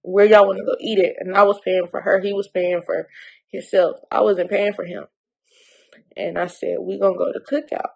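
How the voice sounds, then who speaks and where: A young woman tells a personal story to her viewers in a vlog. Her voice carries a gravelly, fry-edged texture at an ordinary middle pitch. She speaks bluntly and emotionally, as if close to tears. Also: little pitch movement, moderate pace, poor audio. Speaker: vlogger.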